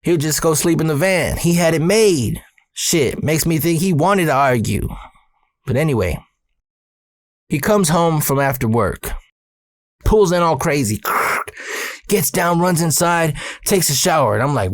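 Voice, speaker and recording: Speaking at a moderate pace in a slightly high voice, this thirtysomething Arizona man hosts as a storyteller, sharing something personal. His delivery is loose and slangy, with plenty of profanity and bursts of animation when he gets worked up. It's a dry, studio-quality recording.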